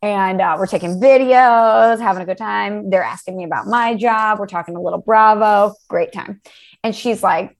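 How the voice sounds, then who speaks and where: A woman co-hosting a podcast, telling a story in a chatty, animated way with quoted dialogue. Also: mid-range voice, moderate pace. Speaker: podcast co-host. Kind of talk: casual storytelling chat.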